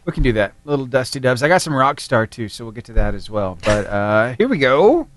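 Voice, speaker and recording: Male radio co-host, mid pitch, lively, dry sound. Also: a little fast, dry recording. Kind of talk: casual chat.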